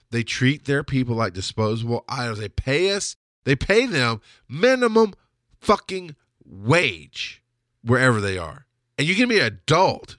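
A man's voice: mid-range voice, fairly bright tone, no room sound, studio quality. A man hosting a podcast, delivering a blunt, heated, profane solo rant. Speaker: podcast host. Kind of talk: ranting solo monologue.

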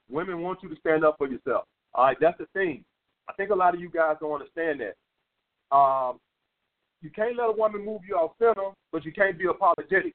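Blunt, profane man on lo-fi radio. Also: sits high. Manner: blunt, profane, repetitive lecturing. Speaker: dating advice host. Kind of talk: call-in radio advice talk. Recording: phone-like lo-fi radio sound.

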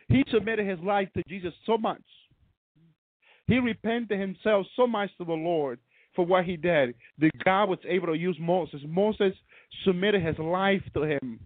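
A man's voice: sits high, no echo, narrow, tinny audio. A man preaching a sermon with fervor, often breaking into hallelujahs. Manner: fervent, peppered with hallelujahs.

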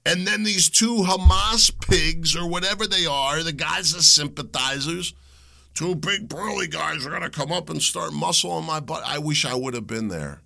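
A middle-aged man, hosting a solo show and ranting in a heated, combative way that climbs into shouts. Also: a little high, gravelly. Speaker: podcast host. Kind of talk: opinionated solo monologue.

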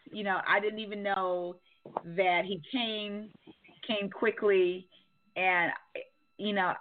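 A woman hosting a call-in radio show, talking frankly in a rambling way with many restarts. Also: mid-range voice. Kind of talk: candid call-in radio chat. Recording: tinny phone line.

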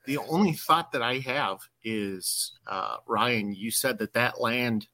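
A man's voice: mid-range voice, slow, pushed and bright, no room sound. A man co-hosting a paranormal show, offering thoughtful ideas in casual chat. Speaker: podcast co-host.

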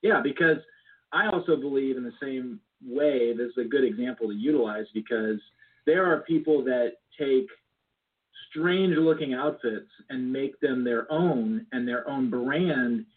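A man's voice: medium pitch, a little slow, slightly rough. A man talking as a guest in a casual interview, earnest and reflective, sometimes restarting his sentences. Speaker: business club founder, guest. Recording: tinny phone-like line.

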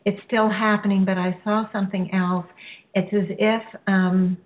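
A woman hosting a radio-style healing show, guiding listeners through a release in a slow, soothing, halting way. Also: mid-range voice, level tone. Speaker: spiritual healer hosting a show. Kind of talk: guided healing session. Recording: phone-like narrow sound.

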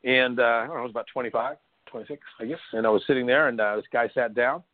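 A man's voice: medium pitch, very fast, dry recording, narrow, tinny audio. A middle-aged man from San Diego, a hypnosis trainer, telling stories chattily as a guest, laughing now and then, with lots of fillers. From San Diego, California. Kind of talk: conversational storytelling interview.

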